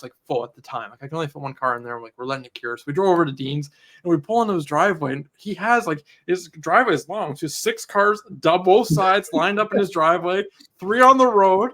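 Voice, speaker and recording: A man co-hosting a podcast, telling animated stories in casual chat and laughing often. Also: high voice. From Canada. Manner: fast, animated, laughing storyteller. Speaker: podcast co-host.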